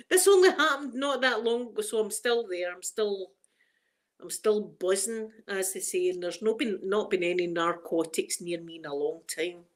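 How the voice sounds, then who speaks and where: Chatty Scottish mum on a live stream. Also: female voice, medium pitch, moderate pace. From Scotland. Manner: chatty, emotional, laughs often, greets chat by name. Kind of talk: casual live-stream chat.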